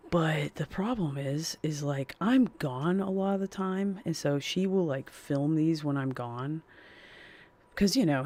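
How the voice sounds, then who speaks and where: A man's voice: mid-range voice, vocal fry. Rambling, blunt male streamer. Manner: rambling and blunt, many fillers and swearing. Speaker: game streamer. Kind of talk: casual live-stream chat.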